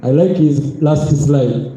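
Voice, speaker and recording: A man with a Zambian accent hosting a motivational event on stage, energetic and playful as he calls on the audience to respond. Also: a little high, very slow, highs cut off. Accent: Zambian English. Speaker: event host. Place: large hall with a live crowd. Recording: echoey hall with crowd.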